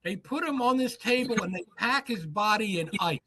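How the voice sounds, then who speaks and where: A man, an author guest on a podcast, telling a story with lively acted-out quotes. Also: high-pitched, moderate pace, poor audio. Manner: animated anecdote teller, acts out quoted lines.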